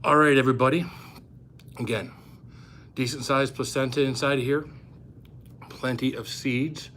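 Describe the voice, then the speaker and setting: Indoors upstairs, a man live-streams himself eating hot peppers, slightly out of breath while casually chatting and naming viewers as he greets them. The phone camera sits close, and his medium-pitched voice stays steady at a moderate pace, fairly bright, over a faint hiss or hum.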